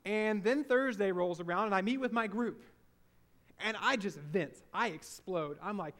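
An earnest man with a fairly high voice tells a personal story to an audience. He speaks as a former hospital chaplain in a confessional tone and repeats phrases to drive points home. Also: expressive, a little slow, pauses often, a bit bright.

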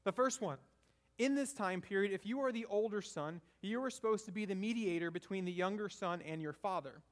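Male preacher, high voice, conversational sermon, tags lines with "right?". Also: a little fast.

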